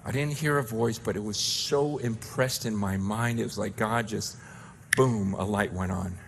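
A middle-aged man preaching a sermon, telling a story with emphatic swings between loud excitement and hushed intensity. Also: fairly low pitch, unhurried, creaky, slight background noise. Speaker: pastor.

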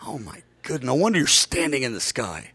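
A man's voice: mid-range voice, big pitch swings, a little fast, sharp tone, a little hiss or hum. A middle-aged man preaching a sermon emphatically, acting out quoted lines.

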